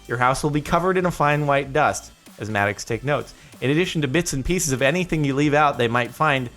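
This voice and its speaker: A man's voice: mid-range voice, fairly bright tone. Chatty man reacting to videos. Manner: chatty, laughs often. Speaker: YouTube host. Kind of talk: casual reaction commentary.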